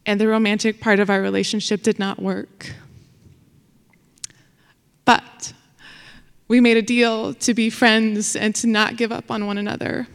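A woman's voice: mid-range voice, level tone, a little slow, pauses often, clear, resonant tone. A woman telling a personal story live on stage, chatty, with fillers and frequent laughter. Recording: long hall reverb.

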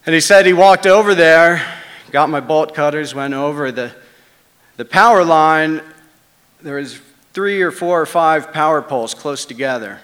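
A man's voice: fairly high pitch, normal speed, a bit bright, big-room sound. A man casually telling a first-person story, conversational and salty.

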